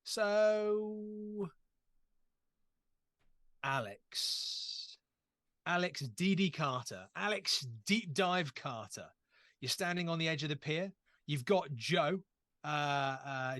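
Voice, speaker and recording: A man's voice: a little high, measured pace, fairly bright tone, dry recording. A young man running a tabletop horror game as game master, chatty and self-deprecating as he sets the scene. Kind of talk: actual-play game narration.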